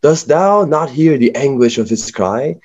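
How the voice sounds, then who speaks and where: A man with a mid-pitched voice reads old verse deliberately and with drama. His intonation moves a lot, rising and falling through each phrase. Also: animated, darkish tone, lo-fi sound. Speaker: co-host. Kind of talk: reading aloud, then casual chat.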